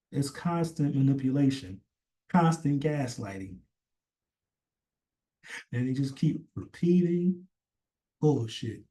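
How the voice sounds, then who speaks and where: A man's voice: medium pitch, mellow. A man ranting in a casual, rambling way, swearing often and stressing his points hard. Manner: rambling, profane, emphatic. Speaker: commentator. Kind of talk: casual opinion rant.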